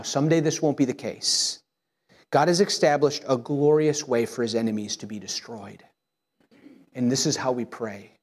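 A man preaching a sermon, earnest, slowing down and softening his voice when he voices prayers. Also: mid-range voice. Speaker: pastor.

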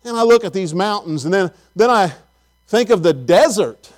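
Folksy high-voiced pastor. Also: male voice, expressive, moderate pace. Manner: folksy, storytelling, chatty with the congregation. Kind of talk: sermon.

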